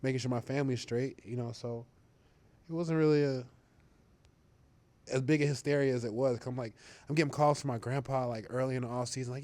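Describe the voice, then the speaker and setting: Young man, football player, casual interview, rambling, fillers and restarts, middle pitch, dry close sound. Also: a little fast, pauses often, dry recording. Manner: relaxed, rambling, lots of fillers and restarts, laughs easily.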